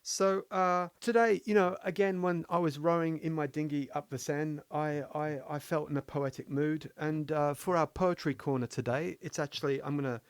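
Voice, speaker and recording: A man's voice: on the high side, fairly even intonation, moderate pace, few pauses, clear, resonant tone, dry recording. A man from England co-hosting a casual philosophy podcast, telling playful jokey stories. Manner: playful, joking storyteller. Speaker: podcast co-host.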